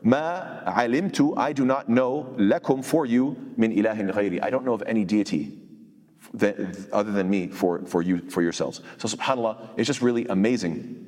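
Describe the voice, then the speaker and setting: A man's voice: lowish voice, rapid-fire, darkish tone, long reverb tail. A man giving a Quran commentary lesson, reciting Arabic verses and then explaining them in English, often repeating himself and restarting phrases. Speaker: Quran teacher. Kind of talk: tafsir lecture.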